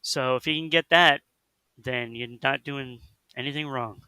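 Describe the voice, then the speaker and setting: A man co-hosting a casual radio chat about music, rambling and animated, with lots of fillers and restarts. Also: mid-range voice, unhurried, clean tone, no room sound. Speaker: co-host.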